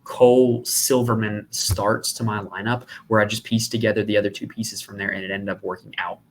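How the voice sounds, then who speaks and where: A man's voice: fairly low pitch, flat delivery, fairly quick, slight background noise. A man hosting a podcast, giving a chatty, conversational sports betting preview. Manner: chatty and conversational, talks at length. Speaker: podcast host.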